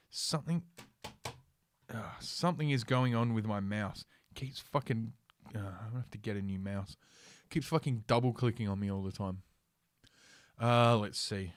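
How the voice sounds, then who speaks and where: Reading the news from his computer, this stream host breaks in with sarcastic swearing and lots of filler words in his casual rant. His voice is lowish and steady at a moderate pace, with clean studio sound and no echo.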